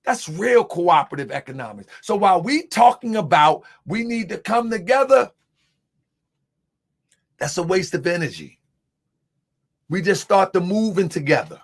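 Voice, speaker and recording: A man's voice: sits high, animated, a little slow, long pauses. A man hosting an online show, talking casually to viewers he calls family and laughing often. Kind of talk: casual livestream talk.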